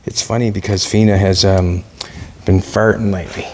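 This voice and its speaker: A middle-aged man, host and car builder, runs a casual workshop vlog, chatting away and talking to himself as he works. His low voice is flat and moderately paced, with slight background noise.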